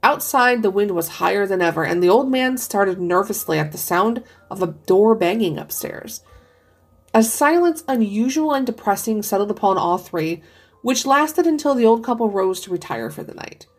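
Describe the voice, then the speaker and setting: A woman narrating a classic short story as a podcast reading, measured and steady, slowing for the characters' lines. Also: mid-range voice, slightly rough. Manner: measured storytelling, slows for quoted speech. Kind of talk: scripted audiobook reading.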